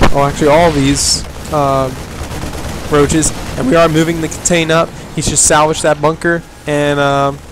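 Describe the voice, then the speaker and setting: A man's voice: fairly high pitch, slight background noise. A man casting a strategy video game, talking in a loose, rambling way, restarting sentences and leaning on stock phrases. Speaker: game caster. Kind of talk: casual live game commentary.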